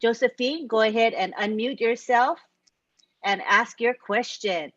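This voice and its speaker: Female webinar host, fairly high voice, dry and dull call audio. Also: measured pace, fairly bright tone, dry recording. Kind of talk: hosting a webinar. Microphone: video call.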